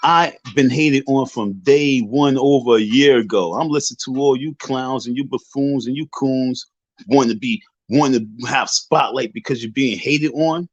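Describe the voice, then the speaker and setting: A husky-voiced man, a little tipsy, boasts and taunts his rivals in loose street slang. He rants off the cuff on a livestream. The audio is dull and lo-fi. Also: medium pitch, normal speed, no room sound. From Southside Jamaica, Queens, New York. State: tipsy from drinking. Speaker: livestream host. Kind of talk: unscripted livestream rant.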